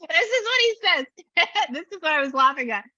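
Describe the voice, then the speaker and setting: A woman's voice: extremely high pitch, big pitch swings, moderate pace, sharp tone, no room sound, lo-fi sound. A woman working as a psychic medium, chatting animatedly with a client and often laughing. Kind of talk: reading session with a client.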